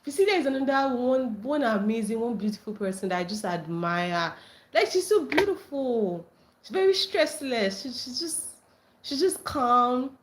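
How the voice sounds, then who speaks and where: A woman's voice: a little high, normal speed, a little hiss or hum. Bubbly woman hosting a live chat. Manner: animated, laughs often, squeals greetings to viewers. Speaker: livestream host. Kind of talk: casual live chat reading comments.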